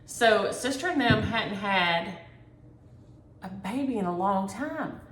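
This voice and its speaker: A woman's voice: medium pitch, lively intonation, takes it slowly, a bit bright. A middle-aged woman hosting a cross-stitch vlog, chatting at home in a folksy, storytelling way and calling viewers "y'all". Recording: roomy home recording.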